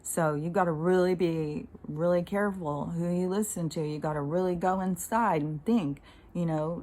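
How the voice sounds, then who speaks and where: A woman's voice: on the low side, moderate pace, a little mellow. A woman vlogging in a casual, rambling monologue, exasperated and swearing freely as she talks. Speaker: spiritual vlogger.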